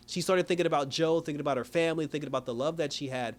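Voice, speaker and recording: A man recapping a TV episode in a quick, rambling stream. His voice sits fairly high for a man, and his sentences are full of "you know" and "like". He laughs easily as he goes. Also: a bit bright. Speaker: TV episode reviewer. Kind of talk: casual recap review.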